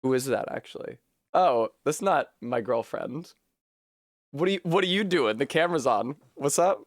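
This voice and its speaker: A man's voice: mid-range voice, lively intonation, normal speed, no echo, clean studio sound. A man live-streaming from a room at home, chatting casually with his viewers, laughing often and swearing freely. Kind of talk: casual live-stream chat while gaming.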